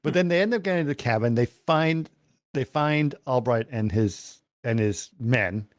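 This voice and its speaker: Man, podcast co-host, halting plot recap, lots of ums, mid-pitched voice, dry close sound. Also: expressive, dry recording. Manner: hesitant plot recap with many fillers. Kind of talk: casual film discussion.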